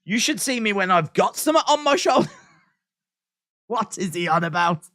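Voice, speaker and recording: Male streamer, lively pitch swings, chatty live reactions, close dry sound. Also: normal speed, no echo. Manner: animated, repeats lines, laughs at himself.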